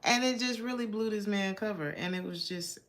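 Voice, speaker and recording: A woman's voice: medium pitch, fairly quick, a bit bright. An American woman from Georgia doing a casual tarot reading, chatty and blunt, laughing often as she talks. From Georgia, USA. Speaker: tarot reader.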